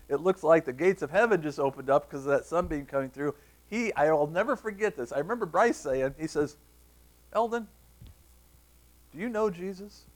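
A man, preaching a sermon and telling a personal story, tearing up at times. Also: fairly high pitch. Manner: storytelling, animated, emotional. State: tearful. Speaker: pastor.

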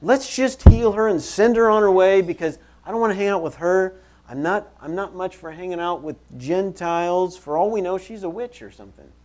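A preacher voicing impatient, dismissive disciples in a scoffing tone. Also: male voice, high-pitched, moderate pace, darkish tone, a little hiss or hum, voice pushed up, lightly acted. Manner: scoffing, brushing someone off.

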